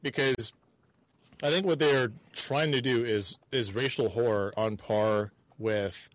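A man co-hosting a podcast, giving his views in a thoughtful, halting way and repeating words as he thinks. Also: medium pitch, no room sound. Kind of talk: casual chat.

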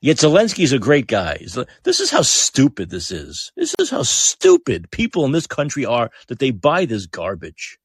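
A man's voice: mid-range voice, huge pitch swings, moderate pace, hardly any pauses, breathy edge, no room sound, clean studio sound. A man hosting a podcast, delivering blunt, heated political commentary, swearing freely and repeating phrases for emphasis. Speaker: podcast host.

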